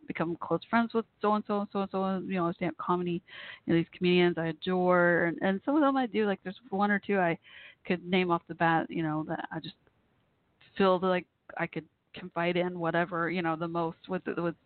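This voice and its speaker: A woman hosting a call-in talk show, speaking haltingly through tears with many fillers and restarts. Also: lowish voice, no room sound. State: near tears. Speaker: host. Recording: tinny phone-line audio.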